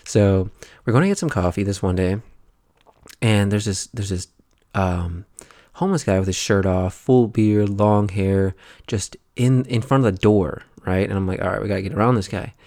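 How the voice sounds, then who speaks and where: A man's voice: on the low side, a little slow, warm tone, dry recording, clean studio sound. A young man hosting a casual solo podcast, rambling in a laid-back way with lots of fillers and "right?". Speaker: podcast host.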